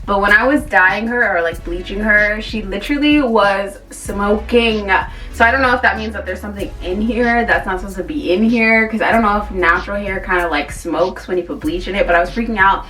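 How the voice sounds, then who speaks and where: A woman's voice: medium pitch, brisk, fairly bright tone, far from the mic, faint music behind. A woman chatting casually to camera as a beauty vlogger, rambling with lots of fillers.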